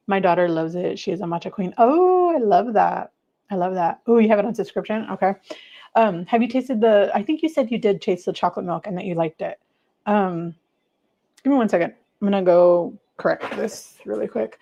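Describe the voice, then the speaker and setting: A middle-aged woman with a mellow, warm voice hosts a casual home livestream. Her talk is chatty and rambling, and she keeps turning to greet viewers by name as she moves around. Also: medium pitch, fairly quick, vocal fry, poor audio. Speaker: livestream host.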